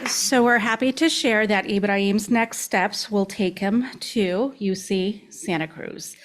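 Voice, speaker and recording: A woman's voice: mid-range voice, a little slow, a crowd in the background, background noise. A woman announcing a student award at a school board meeting, upbeat and guiding the student to the stage.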